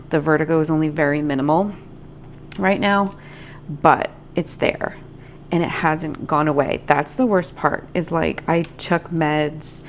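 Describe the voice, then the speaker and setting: A woman's voice: low-pitched, vocal fry, slight background noise. A woman vlogging candidly to camera, venting her frustration frankly while nursing a migraine. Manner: frank, venting, self-reflective. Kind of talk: candid talking-to-camera vlog.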